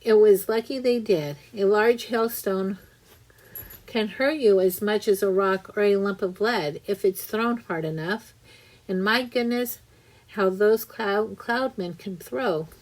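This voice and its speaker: Slow, deliberate woman reading a story. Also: mid-range voice, a little mellow, rough recording. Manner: slow, deliberate, with small restarts. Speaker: reader. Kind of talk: audiobook narration.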